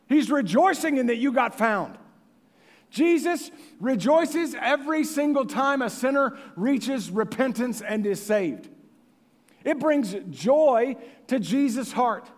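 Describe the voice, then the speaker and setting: A man with a high, voice preaches with passion. His delivery swings from near-whispers to booming emphasis. Long reverb trails every phrase, as in a large hall. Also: animated, unhurried. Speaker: pastor. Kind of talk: sermon.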